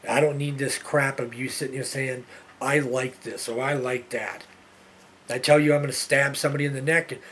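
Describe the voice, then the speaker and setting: A man hosts his own talk show and rants at length in an exasperated, repetitive way, often restarting his sentences. His voice sits at an ordinary middle pitch. There is a faint ambient hum behind him. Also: fairly bright tone. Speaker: show host. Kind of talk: ranting monologue.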